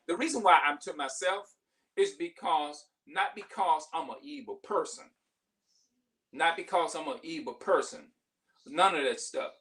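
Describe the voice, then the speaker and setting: This vlogger is a man in his forties with a medium, slightly bright voice, caught on a distant mic in a rough recording. He talks passionately to camera in a casual monologue, speaking emphatically and often restarting his sentences.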